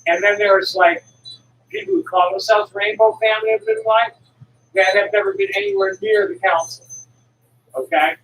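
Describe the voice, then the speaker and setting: A woman in her sixties who sells herbal medicine on the road talks in a rambling, digressive monologue full of restarts, blunt and now and then cursing. Her mid-range voice has fairly even intonation and a moderate pace. She's recorded from some distance in an echoey room with faint ambience and a little hiss or hum.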